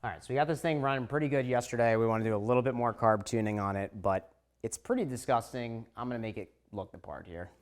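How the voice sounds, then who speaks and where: A man talking to the camera in a garage, calmly explaining each step of polishing a car. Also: medium pitch, fast talker. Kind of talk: casual how-to talk to camera.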